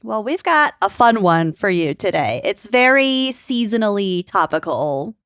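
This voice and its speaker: A woman co-hosting a podcast in casual, joking chat, quick to laugh. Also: mid-range voice, sing-song, a bit bright, smooth, no room sound. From Minnesota. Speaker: podcast co-host.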